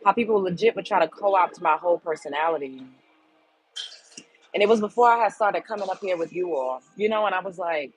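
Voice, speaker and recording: A woman's voice: fairly low pitch, a little fast, slight background noise, low-quality recording. A woman hosting her own show, telling a personal story in a candid, emphatic and blunt way. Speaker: show host. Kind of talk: casual storytelling monologue.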